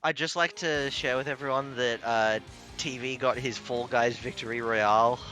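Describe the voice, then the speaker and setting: A man's voice: medium pitch, steady tone, normal speed, sharp tone. A man co-commentating a fighting game stream in a casual, chatty way, laughing often. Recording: stream with game music underneath. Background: game music.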